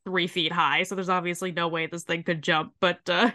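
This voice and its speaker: A woman with a sore throat, co-hosting a podcast and recapping a show in an animated, swearing retelling. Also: lowish voice, moderate pace. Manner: animated, swears freely, briefly mimics characters while retelling. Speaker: podcast co-host. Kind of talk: casual chat recapping a show.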